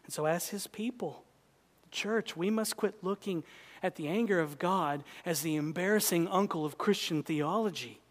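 A male preacher delivering an impassioned sermon, swinging from loud urgency to hushed intensity. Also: high voice, normal speed, big-room sound.

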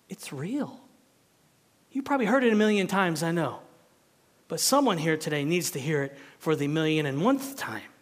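A male pastor preaching an impassioned sermon in a church. He swings between shouted pleas and hushed, quiet lines. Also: medium pitch. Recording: long hall reverb.

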